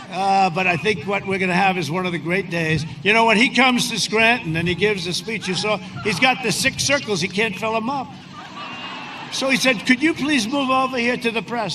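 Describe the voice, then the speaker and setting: A man giving a rambling, boastful rally speech outdoors in cold wind, often shouting to a crowd. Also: sits high. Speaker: politician speaking at a rally. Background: large cheering crowd and wind.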